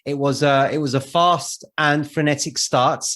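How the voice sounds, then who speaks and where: Man, interview host, fairly high voice, leading questions, short affirmations. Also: fairly even intonation, unhurried, fairly bright tone.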